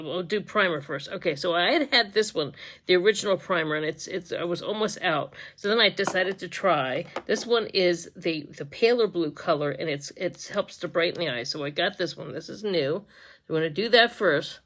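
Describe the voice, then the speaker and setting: A woman's voice: lowish voice, moderate pace, a bit bright, slight background noise. Woman beauty vlogger, casual and giggly, talks while doing her makeup on a phone camera, lots of restarts and murmured asides. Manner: chatty, giggly, trails off and restarts often. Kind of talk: casual get-ready-with-me makeup tutorial.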